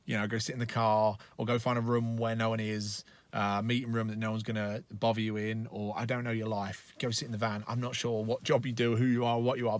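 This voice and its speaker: A man's voice: fairly low pitch, no room sound. Blunt, swearing male life coach. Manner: blunt, profane, conversational. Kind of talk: casual motivational training talk. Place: inside a parked car.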